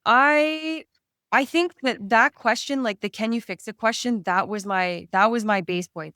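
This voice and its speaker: A woman's voice: mid-range voice, a bit bright, clean tone, no room sound, studio quality. A woman from Canada, a stress and anxiety coach, talking earnestly in an interview and explaining with everyday examples. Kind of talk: conversational interview.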